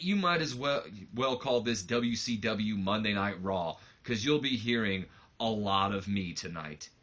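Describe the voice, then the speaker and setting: A man's voice: fairly low pitch, sharp tone, dull audio. A man reading out the lines of a brash, cocky young male wrestling promoter in a sneering, boastful promo voice.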